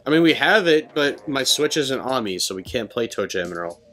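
A man's voice: mid-range voice, very animated, fairly quick, fairly bright tone, soft background music. A man co-hosting a let's play, chatting casually and rambling through stories while he plays. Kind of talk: casual gaming commentary.

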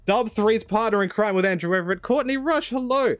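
High-voiced Australian host, bone-dry sound. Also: male voice, fairly quick, dry recording, faint music behind. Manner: upbeat, teasing, laughs often. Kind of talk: casual gaming chat.

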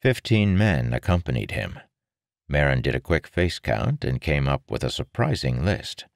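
A man with a very low, deep voice narrating a novel in a measured, even storytelling manner. The recording is dry and close, with no room sound. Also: vocal fry, no echo. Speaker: audiobook narrator. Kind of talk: scripted narration.

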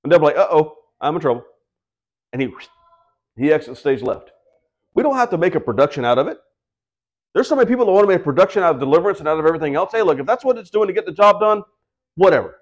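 A man's voice: a little high, very animated, racing, dull audio. A man preaching a house-church sermon in a conversational way, acting out quoted voices and asking the congregation questions. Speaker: pastor.

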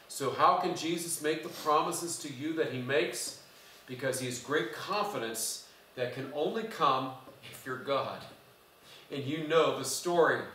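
A man's voice: mid-range voice, sharp tone, slight background noise. A man preaching a conversational sermon in a church, quizzing the congregation as he goes. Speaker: pastor. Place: church sanctuary. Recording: echoey church from far off.

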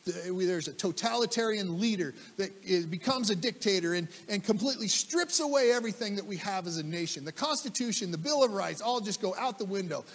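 A male pastor delivers a sermon in a high, lively voice that rises and falls widely. He stresses key phrases by repeating them and asks his listeners questions. His voice rings with the long reverb of a church hall. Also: fairly quick, hardly any pauses. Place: church sanctuary.

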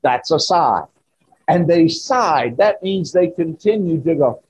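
A man preaching a sermon in church, slow and emphatic with rising exclamations. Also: fairly high pitch, animated, a little mellow, a little hiss or hum, poor audio. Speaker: pastor.

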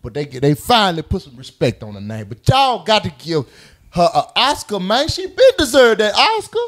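Male podcast host, high voice, wide swoops, loud casual banter. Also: moderate pace. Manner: loud, animated, laughing and cursing. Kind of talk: casual group chat.

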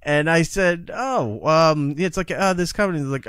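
A man's voice: a little high, moderate pace, smooth, no room sound, studio quality. A man talking as a podcast guest and radio broadcaster in casual conversation, telling stories emphatically and acting out the dialogue. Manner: animated storytelling, acting out dialogue; emphatic, exasperated about work demands.

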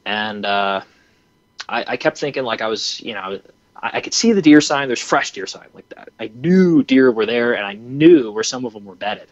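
Animated young man telling a story. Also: medium pitch, normal speed, vocal fry, dry recording. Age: 20s. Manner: animated, acts out his own reactions, many fillers. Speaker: hunting program founder and podcast guest. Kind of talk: casual storytelling. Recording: dry, slightly dull lo-fi audio.

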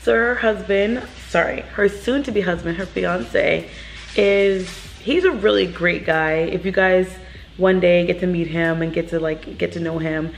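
A woman's voice: on the low side, a little slow, vocal fry. Young woman, casual vlog chat, emotional, teary, noisy home recording. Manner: emotional, tearful, laughing. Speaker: vlogger.

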